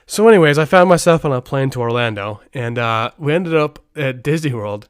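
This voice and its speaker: A man's voice: mid-range voice, lively intonation, brisk, clear, resonant tone, no room sound. A man hosting a casual podcast, telling rambling, anecdotal stories over a close mic. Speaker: podcast host.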